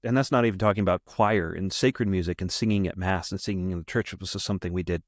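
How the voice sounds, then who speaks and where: A man's voice: deep voice, quick pace, no echo, clean studio sound. A middle-aged man from the United States casually telling a personal story as a podcast host, rambling and often repeating and correcting himself.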